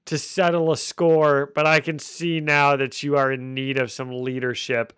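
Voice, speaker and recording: A man's voice: on the high side, little pitch movement, moderate pace, fairly bright tone, smooth, dry recording, clean studio sound, lightly acted. A man voicing a menacing male scorpion villain who takes over as crime boss, in a theatrical threatening monologue.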